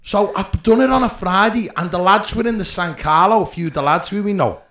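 A man with a Liverpool accent, a podcast guest, telling animated anecdotes and calling people "lad". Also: sits high, brisk. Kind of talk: casual podcast chat.

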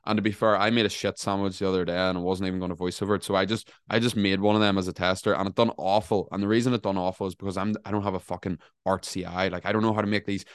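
A man talks social media in a casual podcast, his voice low and recorded dry and close with no room sound. He is blunt and emphatic and swears freely. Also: flat delivery, rapid-fire, few pauses, clear, resonant tone, dry recording. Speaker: podcaster and content creator.

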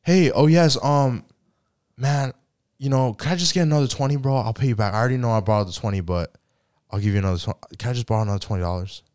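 A man voicing a sheepish male friend who keeps asking to borrow money, talking in a rushed, wheedling way. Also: mid-range voice, a little mellow, lightly acted. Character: pushy young male moocher friend, sheepish.

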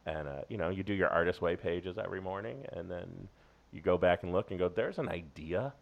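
A man's voice: low voice, fairly even intonation, quick pace, gravelly, lo-fi sound. A man in his forties, a guest comedian, telling rambling jokey anecdotes in casual podcast chat.

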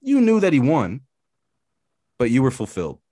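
Mid-pitched man, sports podcast co-host, animated and profane, dry close mic. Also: moderate pace, no room sound. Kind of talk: casual sports chat.

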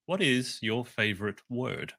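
A man hosting an interview, briskly and amiably running through a list of questions. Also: medium pitch, animated, creaky, pushed and bright.

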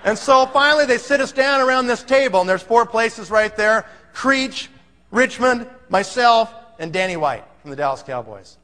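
High-voiced excitable male storyteller. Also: moderate pace, big-room sound. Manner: excitable, acts out quoted voices, laughs often. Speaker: speaker telling a business story. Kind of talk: animated storytelling talk.

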